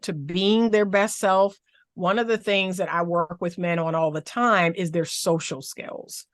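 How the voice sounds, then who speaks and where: Animated woman coach, dry close sound. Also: medium pitch, no room sound. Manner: animated, emphatic, repeats phrases for effect. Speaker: therapist and relationship coach. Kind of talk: podcast interview guest.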